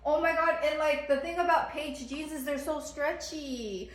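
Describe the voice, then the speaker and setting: Amid crowd noise, a woman's high voice moves at a moderate pace. She's a lifestyle vlogger in her thirties, chatting casually, bubbly and full of gushing exclamations.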